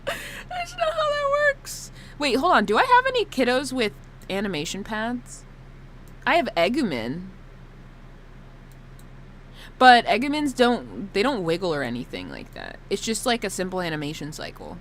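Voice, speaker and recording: A woman streamer chatting casually on a live stream. Her bright, fairly high voice swings widely in pitch as she laughs and fakes sobs. Faint ambience sits behind her. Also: fairly quick, slight background noise. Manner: animated, laughing, mock-sobbing, swearing.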